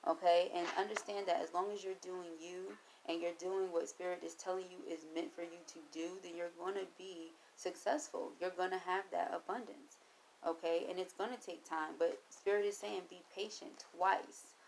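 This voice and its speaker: A woman's voice: fairly low pitch, little pitch movement, moderate pace, gravelly, darkish tone, a little hiss or hum, rough recording. A woman reading tarot cards for her viewers, who encourages them, talks to Spirit aloud and repeats her phrases like mantras. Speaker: tarot reader.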